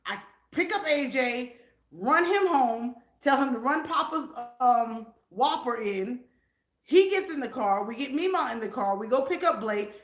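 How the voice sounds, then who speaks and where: Animated older Southern woman, echoey room. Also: sits high. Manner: animated, preachy. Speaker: vlogger. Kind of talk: casual live-stream chat.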